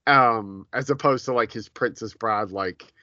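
A man with a bright, forceful voice chatting on a podcast, telling stories with animation and frequent laughter. The recording is dry and a little dull. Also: on the low side, a little slow, dry recording. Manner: animated storytelling, laughs often. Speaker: podcast co-host. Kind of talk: casual chat.

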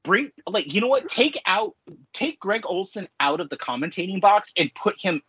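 A man's voice: high-pitched, very animated, moderate pace, bright, forceful tone, husky, muffled recording. A man in his forties co-hosting a podcast, talking in a rambling casual way full of filler words and ranting. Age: 40s. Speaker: podcast co-host. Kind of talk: casual chat.

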